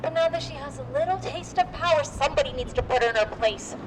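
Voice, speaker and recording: A woman's voice: sits high, fast, natural voice. A woman playing a fiery, ranting 1920s chorus girl. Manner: dramatic, ranting, gossipy. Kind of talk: live street theatre. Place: outdoors on a street. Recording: outdoor street noise.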